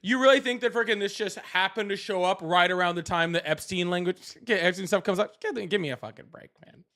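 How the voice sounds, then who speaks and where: Man, high voice, live debate host, angry, profane, berating. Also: fairly quick, a bit bright.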